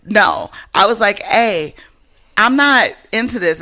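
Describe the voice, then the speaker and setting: Woman on a podcast, bright sharp voice, cussing, acting out who said what. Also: medium pitch, animated, slow pace. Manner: blunt, profane, reenacts both sides of conversations. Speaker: podcast co-host. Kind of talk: casual storytelling chat.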